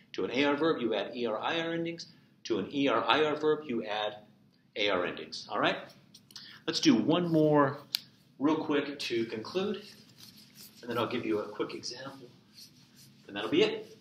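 A male teacher giving a classroom lecture, walking through examples step by step and repeating each one. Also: mid-range voice. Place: empty classroom. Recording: echoey classroom with steady noise.

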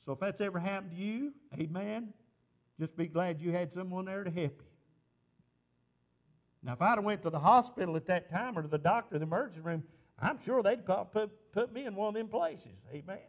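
A man's voice: high voice, a little fast. A male pastor preaching a sermon, telling a personal story and rising into impassioned preaching.

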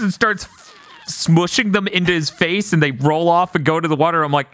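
A man hosting a podcast, recapping a film in a jokey, animated way and slipping into silly voices for the characters. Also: on the high side, normal speed, no echo. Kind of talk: casual comedic movie recap.

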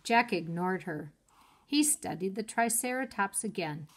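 A woman teacher reading a chapter book aloud to young children at an unhurried, deliberate pace. She pauses to ask questions and explain words plainly. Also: medium pitch, expressive. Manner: slow and clear, explaining words. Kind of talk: read-aloud storytime for children.

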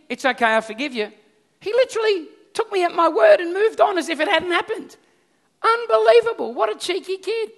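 Animated Australian man preaching. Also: very high-pitched, moderate pace. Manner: storytelling, animated, repeats himself. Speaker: pastor. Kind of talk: sermon.

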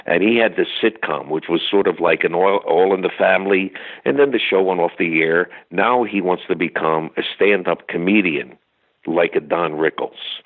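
Gravelly older man on a phone line. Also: low voice, normal speed. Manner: chatty anecdotes with many fillers. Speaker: guest singer. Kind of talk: storytelling interview.

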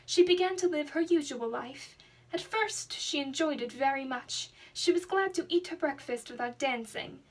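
A young woman reading a children's storybook aloud in an expressive, dramatic way. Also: high-pitched, normal speed. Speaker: student reader.

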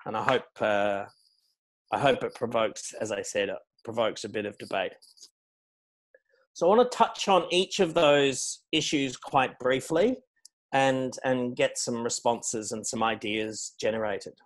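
A middle-aged man giving a public lecture as guest speaker, measured and anecdotal, stressing key words. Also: medium pitch. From Australia. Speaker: guest speaker on foreign policy.

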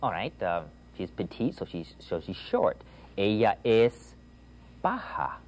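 A man teaching a language lesson, enthusiastic and coaxing, who repeats phrases slowly for the learner. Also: lowish voice, very animated, a little mellow, low-quality recording. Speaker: Spanish teacher.

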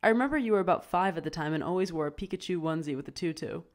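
Casting note: a woman playing a cheerful talkative middle-aged mom, light and higher-pitched. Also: animated, racing, natural voice.

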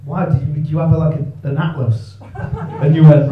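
Man, stand-up comedian, crowd work, sweary banter, slightly high voice, echoey room. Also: flat delivery, moderate pace, far from the mic, phone-quality sound, a little hiss or hum. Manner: cheeky, sweary banter with audience. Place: comedy club stage. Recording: echoey club, mic heard from afar.

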